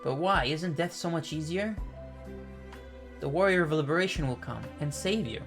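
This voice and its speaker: A man reading out the lines of a grieving, gentle captive father from a comic. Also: fairly high pitch, normal speed, music in the background, natural voice.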